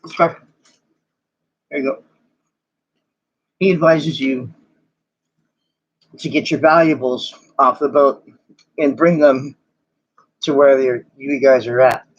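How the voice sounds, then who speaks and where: A man's voice: mid-range voice, fairly even intonation, takes it slowly, pauses often. A man narrating as game master in a casual, rambling way with many fillers. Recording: dull lo-fi recording.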